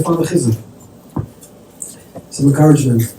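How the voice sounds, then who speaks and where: A man's voice: medium pitch, normal speed, pauses often, warm tone. A man, a rabbi, telling a story in a conversational sermon, sprinkling in Yiddish and Hebrew terms. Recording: distant mic in an echoey room with faint noise.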